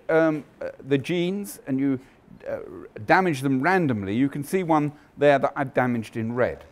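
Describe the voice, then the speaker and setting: A man giving a scientific lecture, emphatic and animated, with frequent ums and restarts. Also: a little high. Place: lecture hall.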